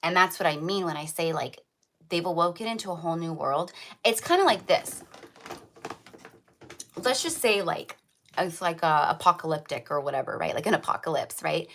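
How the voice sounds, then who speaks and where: Low-voiced chatty woman tarot reader. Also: a little fast, vocal fry, a bit bright, a little hiss or hum. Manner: chatty, rambling, full of "like" and "right?". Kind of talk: casual tarot reading to camera.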